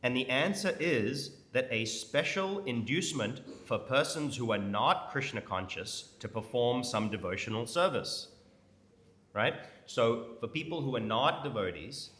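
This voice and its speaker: A man's voice: medium pitch, fairly bright tone. A man giving an informal class in a temple hall, quizzing and teasing his audience. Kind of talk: conversational scripture class. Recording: echoey hall with faint noise.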